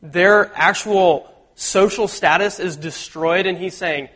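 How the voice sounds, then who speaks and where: A man preaching a sermon in a casual, animated way, acting out the lines he quotes. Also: sits high, takes it slowly. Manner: conversational, animated, acts out quotes. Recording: long hall reverb.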